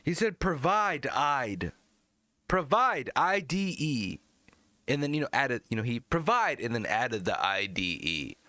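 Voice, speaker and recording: Lively, sneering American man streaming. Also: moderate pace, hardly any pauses, dry recording. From United States. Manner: mocking, jumps into high squeaky outbursts. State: drinking beer. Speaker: live music review streamer. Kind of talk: loose, profane live-stream commentary.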